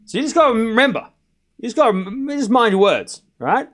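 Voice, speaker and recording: A man's voice: high voice, lively intonation, fast talker, fairly bright tone. A man livestreaming casual tennis play-by-play, calling scores and bantering animatedly with his chat.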